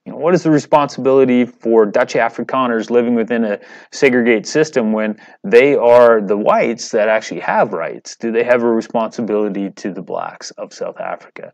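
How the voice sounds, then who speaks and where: A man's voice: lowish voice, vocal fry, no echo. A man teaching a class, lecturing over slides in a conversational, digressive way and putting questions to his students.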